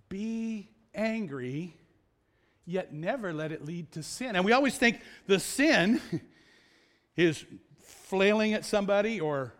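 This male pastor's voice sits high as he delivers a conversational sermon. He poses rhetorical questions and slows his pace to lean on important words.

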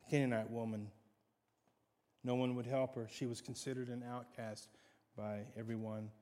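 A man preaching a sermon, dramatic, swinging from hushed to loud. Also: mid-range voice, flat delivery, moderate pace. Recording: long hall reverb.

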